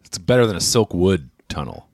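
A man's voice: sits low, very animated, fairly quick, vocal fry, dry recording, clean studio sound. A man co-hosting a casual remote podcast, reading listener emails aloud and joking around. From Los Angeles area. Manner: jokey, reads emails aloud with bursts of laughter.

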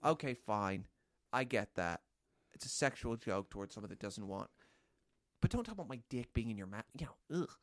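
A man's voice: on the low side, brisk, no echo, clean studio sound. A man co-hosting a podcast, telling an indignant story in casual chat. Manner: animated, indignant anecdote telling. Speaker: podcast co-host.

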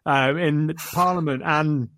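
A man's voice: fairly high pitch, fairly even intonation, slow, fairly bright tone. A man chatting about a film, retelling scenes with enthusiasm and chuckles. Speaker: film reviewer. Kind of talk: casual film discussion.

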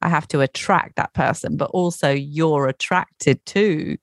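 A woman's voice: sits low, a little slow, no room sound. Woman host with dry jokes. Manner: dry, joking asides. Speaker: podcast host. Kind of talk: casual podcast conversation.

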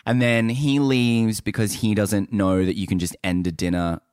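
A man with a very low, deep voice talks through a reality-show recap in relaxed podcast banter. His delivery is loose and jokey, full of quick asides. The recording is dry, with no room sound. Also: clear, resonant tone, no echo. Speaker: podcast co-host.

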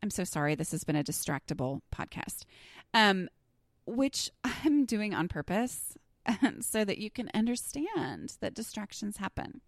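A woman's voice: mid-range voice, big pitch swings, a little slow, no room sound, clean studio sound. A middle-aged woman with a Southern US accent, hosting a casual solo podcast in a chatty, self-deprecating, easily sidetracked way. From Southern United States. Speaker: podcast host.

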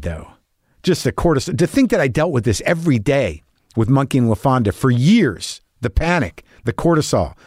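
A man's voice: mid-range voice, a little mellow, no room sound, clean studio sound. A middle-aged man hosting a podcast, talking in a profane, anxious, rambling casual monologue. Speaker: podcast host.

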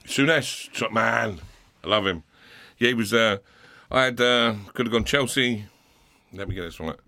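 A man in his fifties with a South London accent, telling rowdy stories with swearing and laughter, loud bursts when he acts out others. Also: mid-range voice, normal speed. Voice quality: rough-edged, laughs through his stories. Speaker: guest, former footballer. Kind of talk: casual storytelling with swearing.

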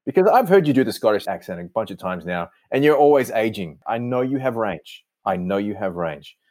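Low-voiced man narrating with dry humor. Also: very animated, a little fast, a little mellow, no room sound. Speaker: host and narrator. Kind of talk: joking chat and scene narration.

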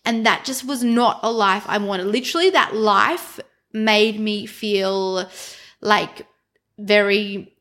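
A woman's voice: mid-range voice, steady tone, takes it slowly, sharp tone. Chatty, reflective woman co-host. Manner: chatty, reflective, laughs easily. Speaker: podcast co-host. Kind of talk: casual chat.

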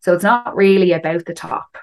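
A woman with a fairly low voice speaks a little fast as a guest recounting a climb in a casual chat. She's chatty, with lots of fillers, asides, and "do you know."

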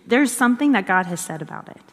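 A woman's voice: a little high, lively intonation, fast, a bit bright. A woman giving a conversational devotional teaching in an earnest way, repeating phrases for emphasis. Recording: long hall reverb.

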